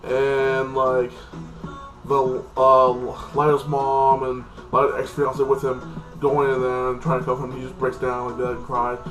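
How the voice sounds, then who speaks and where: A man's voice: medium pitch, monotone, moderate pace, faint music behind, low-quality recording. A man giving a loose, rambling recap of a TV episode, stacking up filler phrases as he goes. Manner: loose, repetitive, heavy on "like this" fillers. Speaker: TV episode reviewer.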